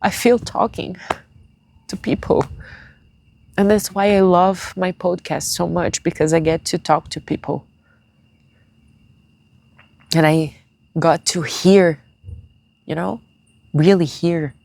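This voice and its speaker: Tearful woman vlogger, halting speech. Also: lowish voice, steady tone, gravelly, darkish tone, dry recording. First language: not English. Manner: halting, searching for words; confiding, speaks straight to viewers. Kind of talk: emotional personal vlog.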